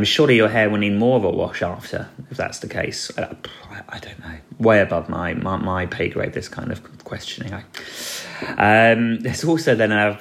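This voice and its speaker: A man's voice: fairly low pitch, vocal fry, fairly bright tone. A man hosting a solo podcast, talking in a rambling, chatty way with dry jokes and plenty of ums and uhs. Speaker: podcast host. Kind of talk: casual solo podcast recap.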